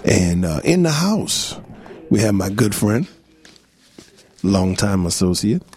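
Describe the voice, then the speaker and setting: A man with a New Orleans accent hosting a casual radio interview, laid-back and lively, with a deep gravelly voice. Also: slow. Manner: laid-back, lively, repeats a drawled catchphrase, chuckles often. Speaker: radio show host.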